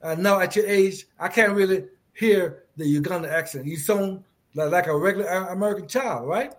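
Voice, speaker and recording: A man's voice: sits high, brisk. A middle-aged man interviewing a young woman in a casual chat, encouraging, laughing often and repeating his words.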